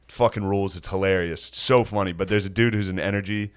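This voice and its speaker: A man co-hosting a comedy podcast in a studio, teasing and cutting in with quick reactions during casual chat. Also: deep voice, fairly even intonation, clear, resonant tone. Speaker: podcast co-host. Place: recording studio.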